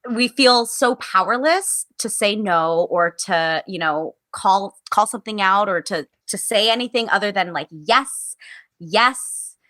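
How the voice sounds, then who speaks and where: A woman's voice: medium pitch, normal speed, hardly any pauses, fairly bright tone, no echo, clean studio sound. A woman stage actress talking candidly as a guest on a show, earnest and reflective, often restarting her thoughts. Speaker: musical theater actress, guest. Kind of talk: candid casual conversation.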